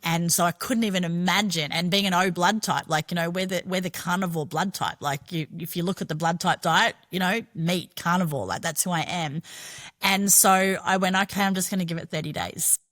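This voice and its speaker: Middle-aged aussie woman on a podcast, chatty and blunt, swears a lot, lowish voice. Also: normal speed, a bit bright. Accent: Australian. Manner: frank, chatty, swears freely. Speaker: podcast guest. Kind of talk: candid personal storytelling.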